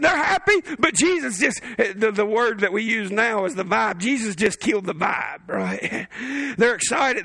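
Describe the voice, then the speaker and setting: A male pastor preaching a fervent sermon, often shouting, with humorous asides. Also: extremely high pitch, gravelly, no echo.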